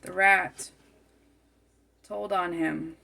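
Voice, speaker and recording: Reading tarot aloud extremely slowly, a woman muses her way through the spread in a lowish, steady voice that is sharp in tone and gravelly with fry. She keeps returning to her words, repeating and rephrasing them.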